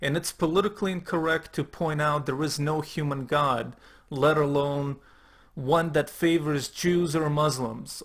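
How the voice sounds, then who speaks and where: A man giving sarcastic, profane commentary on political tweets as a YouTube host. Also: on the high side. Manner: mocking, profane asides.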